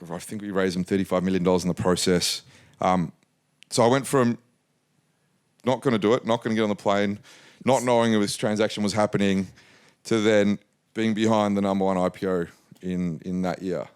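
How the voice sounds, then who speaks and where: A man in his forties from Australia, a business guest telling lively anecdotes in a casual interview and acting out quoted lines. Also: lowish voice, a little fast, smooth. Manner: animated anecdotal, acts out quotes.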